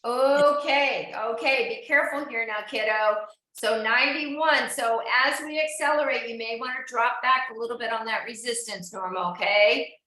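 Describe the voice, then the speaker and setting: A woman's voice: a little high, normal speed, hardly any pauses, bright, forceful tone, slight background noise. A woman instructor coaching an indoor cycling class, encouraging riders and checking in on each of them by name. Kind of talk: live online fitness class coaching. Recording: very echoey room.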